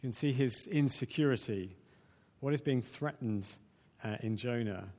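A man preaching a sermon in a conversational, animated way, with many restarts. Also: mid-range voice, normal speed. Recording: long reverb of a large hall.

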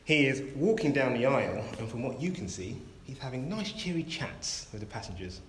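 A man preaching a sermon, telling a story in a measured, gentle way. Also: mid-range voice, animated, slight background noise. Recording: roomy echo.

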